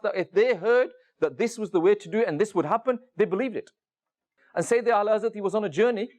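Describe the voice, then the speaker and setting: A man preaching a sermon to a room of listeners, telling stories and asking many rhetorical questions, with frequent "you know" fillers. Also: high voice. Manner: storytelling, addresses the audience directly with many rhetorical questions. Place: room with a seated audience.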